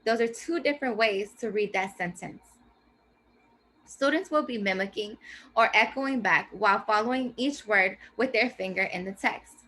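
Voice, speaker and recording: Bright-voiced woman teaching a lesson. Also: medium pitch. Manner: slow, clear teacherly explanation. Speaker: teacher presenting a reading lesson. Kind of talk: scripted classroom presentation.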